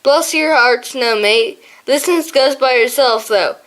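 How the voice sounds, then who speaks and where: A woman voicing a roguish young male sea otter who talks in rough sailor's slang, in an audiobook. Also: sits high, measured pace, fairly bright tone. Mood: hearty.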